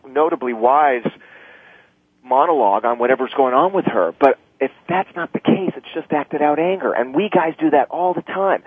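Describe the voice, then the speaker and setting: A man's voice: on the high side, breathy edge, no room sound. A man working as a couples therapist, explaining anger in couples in an earnest, teaching way with wry asides. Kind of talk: radio talk. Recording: dry phone-line radio sound.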